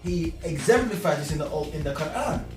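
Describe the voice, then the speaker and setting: Man, high voice, earnest preacher-like guest; roomy distant sound. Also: lively intonation, brisk. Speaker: guest speaker. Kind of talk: religious discussion. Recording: echoey room, far from mic, music behind.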